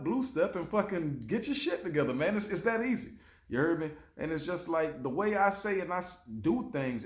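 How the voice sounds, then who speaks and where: A man's voice: a little high, echoey room. A man hosting his own show, giving a laid-back, slangy motivational talk straight to the camera and swearing freely. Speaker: show host.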